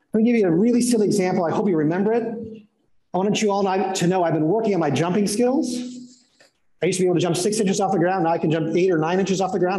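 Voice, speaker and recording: A middle-aged man delivers a sermon with a pitch that sits well above most men's. He preaches earnestly, throwing out rhetorical questions and repeating key phrases for emphasis. His voice rings with the roomy echo of a hall. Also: warm tone. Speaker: pastor.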